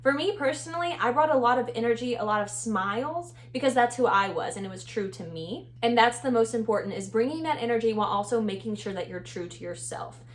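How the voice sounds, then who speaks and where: A woman's voice: a little high, animated, fairly quick, hardly any pauses. A young woman with a Texan accent giving upbeat, chatty advice in a casual vlog, laughing often. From Texas. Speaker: vlogger, former reality show contestant.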